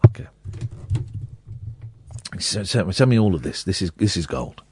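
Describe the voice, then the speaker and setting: A man's voice: low voice, sing-song, unhurried, warm tone, slight background noise. A man hosting a late-night radio phone-in, talking casually and jokily, with mock-sincere readings. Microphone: studio microphone.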